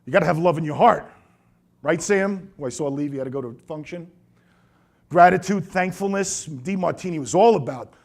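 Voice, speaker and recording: A middle-aged man, a chiropractor, giving a seminar talk to colleagues, telling lively stories and acting out the voices of the people he quotes. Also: fairly high pitch, normal speed, long pauses. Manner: lively storyteller who acts out quoted voices.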